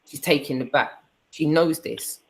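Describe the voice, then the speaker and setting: A woman's voice: deep voice, unhurried, crowd noise, rough recording. A woman with a British accent speaking in a defiant, blunt, slangy way during a casual online conversation. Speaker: co-host.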